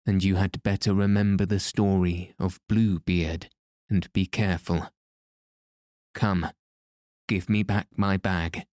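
A man's voice: low voice, little pitch movement, takes it slowly, pauses often, darkish tone, no room sound, clean studio sound. A man reading the lines of a menacing, jealous masked man in an audiobook, with a threatening delivery.

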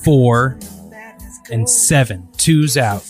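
A man's voice: mid-range voice, animated, very slow, soft background music. A man co-hosting a casual movie podcast, with dry, wry humor. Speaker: podcast co-host.

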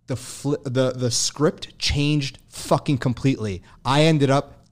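A man's voice: mid-range voice, fairly even intonation, slow. A young man as an interview guest, telling his story loosely and profanely with many fillers and frequent chuckles.

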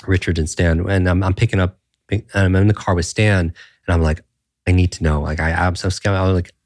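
A man guest on a podcast interview, telling personal stories in an earnest, animated way, with frequent restarts and rhetorical "right?" checks. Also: deep voice, a little fast, dry recording, studio quality. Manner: animated, earnest, many restarts and tag questions. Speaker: podcast guest, brain coach. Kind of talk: conversational interview storytelling.

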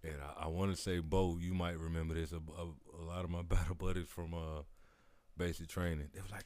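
A man's voice: sits low, flat delivery, brisk, a little mellow, dry recording. A man casually swapping profane army stories and laughing at old memories. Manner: laid-back, profane, laughing storyteller. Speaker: army veteran in conversation. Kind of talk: casual chat.

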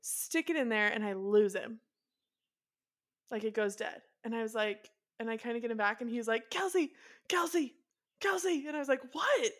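Animated storyteller woman, slightly high voice. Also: normal speed. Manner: animated storyteller, acting out quotes with big pitch jumps. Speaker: podcast co-host. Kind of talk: casual chat.

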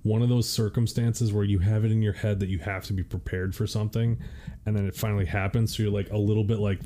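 A man's voice: on the low side, level tone, fast, dark tone. A young man in his twenties co-hosting a podcast, telling a story in a laid-back, matter-of-fact way. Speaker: podcast co-host. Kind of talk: casual storytelling chat.

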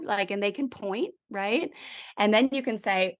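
A woman's voice: medium pitch, animated, fairly quick. A woman, a parenting educator, talking casually in an interview with lots of "like" and "right?". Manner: chatty, with many "like" and "right?" fillers.

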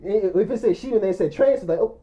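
A man's voice: high voice, quick pace. A man telling a funny story in casual chat, laughing often and acting out the other people's lines as he goes. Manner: animated, laughing, acts out quoted lines. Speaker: podcast co-host. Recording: dull lo-fi recording.

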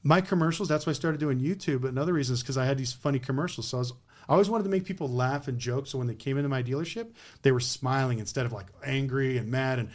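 This Las Vegas interview features an ex-car dealer with a medium-pitched voice, talking fast and bluntly. He tells his stories with animation, playing out his customer exchanges in the conversation.

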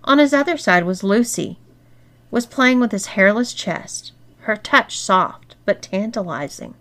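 A woman narrating an erotic story in a steady, expressive reading voice. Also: medium pitch, unhurried. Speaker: story reader.

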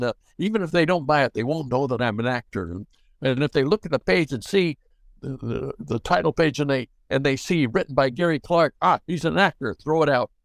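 An older man, a guest actor, telling anecdotes in an animated way and acting out the dialogue. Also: medium pitch, no room sound. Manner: animated, acts out dialogue in quotes. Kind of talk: anecdotal storytelling.

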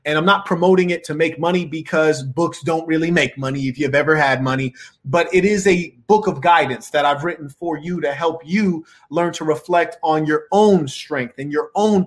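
Man, high voice, channel host, preachy motivational advice, answers viewer messages. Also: a bit bright. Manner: preachy, calls listeners saints, "you dig?".

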